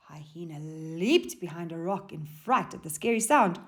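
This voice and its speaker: A woman teacher reading a children's story aloud, with expressive and animated delivery. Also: on the low side, measured pace. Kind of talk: storybook narration.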